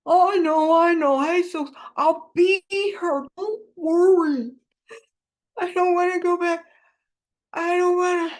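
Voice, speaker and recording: A woman's voice: very high voice, takes it slowly, hardly any pauses, voice pushed up. A woman voicing a tough young male crook who has broken down crying and pleads like a little kid. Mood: tearful pleading. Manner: pleading, childlike.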